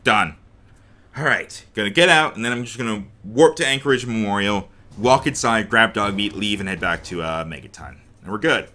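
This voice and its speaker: This let's play gamer rambles and reacts as he plays, chatting with himself and the game's characters. His voice sits on the low side at a moderate pace, and he sometimes puts on a mock accent or drops to a hushed murmur while sneaking.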